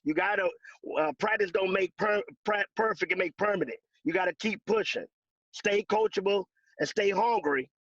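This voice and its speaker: Man with a high voice, insurance agent sharing closing tips; dry, dull video-call sound. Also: moderate pace, a bit bright, dry recording. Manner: driven, emphatic, repeats key phrases. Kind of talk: motivational sales talk on a video call. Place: secluded room at home.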